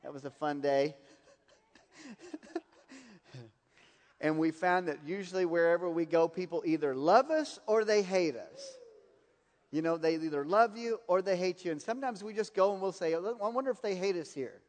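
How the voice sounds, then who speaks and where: A man's voice: high-pitched, moderate pace, pauses often, big-room sound. A man preaching a sermon, telling personal stories and laughing at his own anecdotes.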